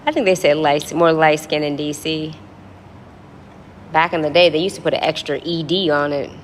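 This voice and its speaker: A woman's voice: low voice, fairly even intonation, moderate pace, slight background noise. A woman from Washington, D.C. with a D.C. accent, rambling and joking with viewers in a casual livestream chat. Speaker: livestream host. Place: apartment lobby.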